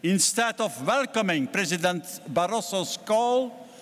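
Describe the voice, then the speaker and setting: An older man with a Belgian accent giving a formal political speech at a party congress, measured and deliberate with emphatic stresses. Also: high-pitched, expressive. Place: large congress hall. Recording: long hall reverb from a congress venue.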